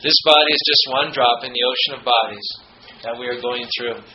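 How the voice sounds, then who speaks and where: A man giving a spiritual talk, reading quotes with firm emphasis and slipping into a halting, filler-laden storytelling voice. The voice sits at a middle pitch in a roomy space, slightly muffled, with steady background noise. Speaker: spiritual speaker. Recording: roomy, dull, noisy ambience.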